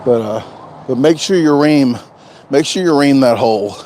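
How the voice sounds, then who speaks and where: A man's voice: medium pitch, expressive, moderate pace, darkish tone, a little hiss or hum. A man chatting casually on a live stream, rambling and joking, often repeating himself. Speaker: vlogger doing a live stream.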